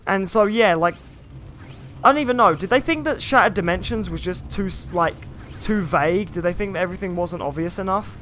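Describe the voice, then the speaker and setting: A young man streaming a video game, chatting casually and excitably with lots of filler words as he plays. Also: high-pitched, fairly quick. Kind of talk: live gameplay commentary. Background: faint game music.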